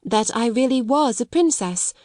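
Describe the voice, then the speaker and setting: A woman's voice: a little high, animated, moderate pace, warm tone, no room sound, studio quality, pitched above the performer's own voice, lightly acted. A woman reading aloud and voicing a proud, composed young schoolgirl who speaks grandly and politely. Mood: grandly defiant.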